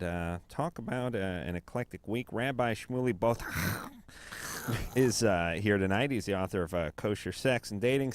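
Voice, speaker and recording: A man with a fairly low-pitched voice hosts a late-night call-in radio show, speaking in a rambling, halting manner packed with fillers and restarts.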